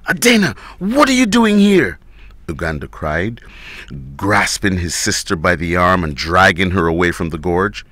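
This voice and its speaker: A man reading a story aloud as narrator, in a dramatic, expressive way. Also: sits low.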